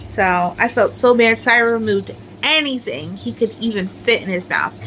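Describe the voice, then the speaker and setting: Brief: middle-aged woman, fairly high voice, rambling show-and-tell crafter, filler-heavy. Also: moderate pace, fairly bright tone, slight background noise, low-quality recording. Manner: chatty, rambling, many "like" fillers. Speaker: crochet crafter showing her amigurumi. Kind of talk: casual show-and-tell chat.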